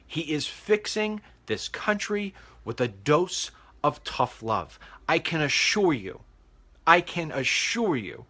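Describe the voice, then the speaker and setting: A man's voice: on the high side, fairly bright tone, slightly rough. A middle-aged man hosting a talk show, speaking emphatically and repeating himself while out on a walk. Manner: emphatic, repetitive, preachy. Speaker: host. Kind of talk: walking talk commentary. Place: outdoors walking.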